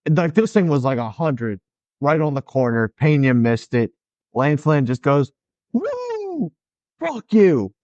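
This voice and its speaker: Man, podcast co-host, casual sports talk, lively storyteller, muffled dry recording. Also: medium pitch, moderate pace, no echo. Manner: animated storyteller, acts out players' lines.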